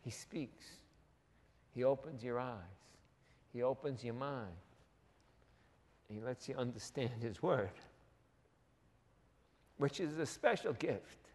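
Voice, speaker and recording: A man preaching a sermon as pastor, animated and jokey, with quick asides to the congregation. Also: medium pitch, in a large hall. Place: church hall.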